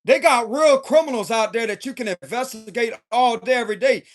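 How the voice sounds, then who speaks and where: High-voiced heated male tarot reader. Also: a little fast, few pauses. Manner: heated, confrontational, profane. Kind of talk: unscripted tarot reading.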